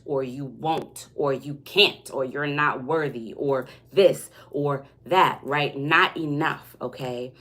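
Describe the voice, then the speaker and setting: A woman giving a tarot reading in a casual, conversational monologue. She often checks in with "okay?" and "right?". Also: deep voice. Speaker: tarot reader.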